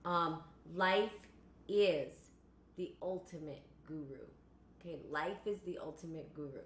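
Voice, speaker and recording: A woman's voice: deep voice, a little slow, a bit bright. Rambling woman hosting a spiritual live stream. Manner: rambling, repeats phrases, laughs, greets viewers. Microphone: computer or phone on a live stream. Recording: echoey room with faint noise.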